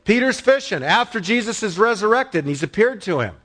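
Slightly high-voiced man preaching a sermon. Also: very animated, a little fast, a bit bright. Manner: conversational preaching with rhetorical questions. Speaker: pastor.

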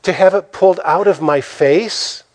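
A man's voice: high voice, moderate pace. A man preaching a sermon in a dramatic way, asking the listeners rhetorical questions and acting out the quotes he tells. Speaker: pastor.

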